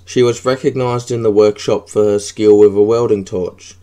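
A man narrating an audiobook in a steady, even reading. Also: lowish voice, moderate pace, clean tone.

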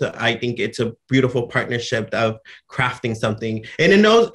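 Effusive man announcing a ceremony. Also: medium pitch. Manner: effusive, with filler words. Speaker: ceremony presenter.

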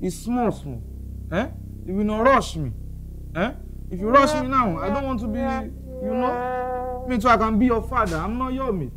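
A man with a Nigerian accent playing a makeshift Santa in a comedy skit, loud, playful and rambling. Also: very high voice, normal speed, music in the background.

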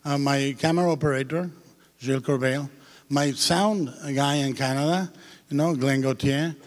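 A film director as interview guest, telling lively anecdotes with frequent hesitations, on the stage of a large hall. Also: male voice, medium pitch, moderate pace. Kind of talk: onstage festival interview. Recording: long hall reverb.

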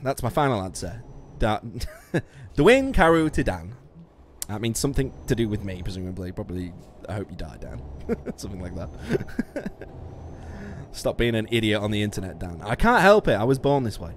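A man's voice: lowish voice, big pitch swings, normal speed. A man livestreaming a trucking game, chatting with his viewers, swearing and laughing at his own mistakes on a musician's mic. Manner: sweary, self-mocking, laughs a lot. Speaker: streamer. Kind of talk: casual game livestream chat. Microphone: studio musician mic.

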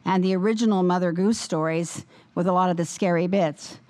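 A woman giving a formal lecture with a slightly wobbly voice, speaking in a measured, deliberate way and taking questions afterwards. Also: lowish voice, fairly even intonation, dark tone. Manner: measured, deliberate, with many fillers when answering. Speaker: guest lecturer. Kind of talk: formal lecture, then audience Q&A.

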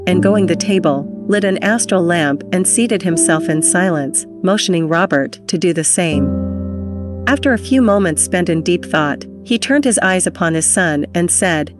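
A woman reading a classic novel aloud in steady storytelling narration. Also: fairly low pitch, normal speed. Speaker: audiobook reader. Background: background music.

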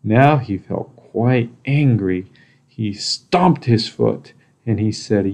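A man reading a children's picture book aloud, slow and deliberate with pauses. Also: on the low side, creaky, darkish tone, muffled recording. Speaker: storybook reader. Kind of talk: children's story read-aloud.

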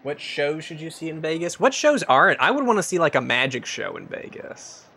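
A man's voice: on the high side, big pitch swings, brisk, vocal fry, pushed and bright, husky. A young man from Scotland, streaming a casino game and bantering jokily with his chat. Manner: joking banter with chat, reacting to wins and losses. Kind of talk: casual live-stream gaming chat.

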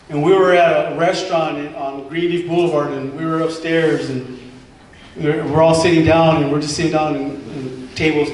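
A man in his forties tells his own testimony to a congregation, earnest and repeating his words as he acts out what others said. His voice sits high for a man and is picked up from across a large church hall. The room is heavily echoey, with a faint hiss behind him. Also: distant mic. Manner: earnest, repeats himself, acts out quoted dialogue. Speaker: former member giving testimony.

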